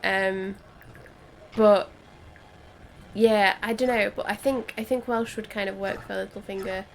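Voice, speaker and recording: A woman's voice: medium pitch, fairly even intonation, measured pace, gravelly, a little hiss or hum. A woman co-hosting a game stream, chatting casually in a rambling way with lots of fillers. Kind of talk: casual chat over a game.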